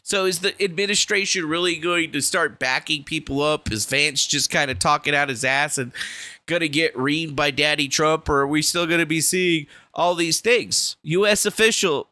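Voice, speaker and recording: Profane, animated man ranting on stream. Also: a little high, moderate pace, dry recording. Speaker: livestream host. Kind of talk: casual political rant. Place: small room indoors.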